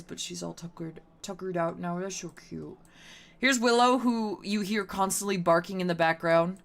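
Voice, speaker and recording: A woman streamer chatting casually on a live stream, swearing freely in a playful, teasing way. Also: lowish voice. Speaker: VTuber streamer.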